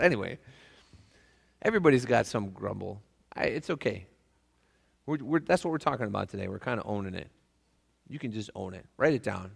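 A man's voice: mid-range voice, big pitch swings, a little fast, creaky, pauses often, fairly bright tone, in a large hall. A man preaching a casual, joking sermon to his church. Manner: folksy, joking, acts out voices. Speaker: pastor. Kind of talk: conversational sermon. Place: church sanctuary.

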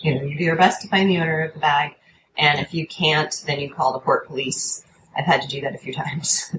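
A woman telling an animated anecdote in casual chat, swearing freely and acting out quoted lines in a higher voice. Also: brisk, reverberant, noisy background. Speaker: storyteller guest.

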